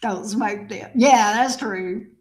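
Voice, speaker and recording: Playful woman, slow and echoey. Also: mid-range voice. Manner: playful, teasing, joking. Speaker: tarot reader, channel host. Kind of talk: casual livestream chat with viewers and her dog. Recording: echoey room.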